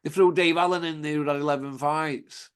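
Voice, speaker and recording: A man's voice: fairly high pitch, fairly even intonation, brisk, smooth. A man, hosting a casual chat and telling rambling, laughing anecdotes with plenty of swearing. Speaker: podcast host.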